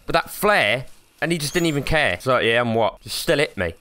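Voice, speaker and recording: A young man hosting a gaming channel, talking through a monster hunt with plenty of swearing and jokes. His pitch swings widely from low mutters to high yelps, and his tone is bright and forceful. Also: fairly quick, slight background noise. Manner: swearing, excitable, jokey, yelps when startled. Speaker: gaming YouTuber. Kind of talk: horror game commentary.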